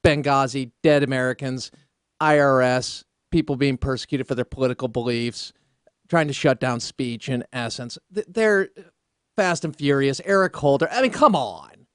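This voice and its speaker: A man's voice: mid-range voice, normal speed, smooth, no echo, clean studio sound. A man hosting a political talk radio show, combative and sarcastic, rambling through asides. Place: radio studio.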